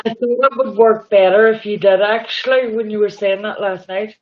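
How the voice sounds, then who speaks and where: A woman's voice: mid-range voice, fairly even intonation, normal speed. Woman on a tinny line. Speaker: friend calling in. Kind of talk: casual call-in chat.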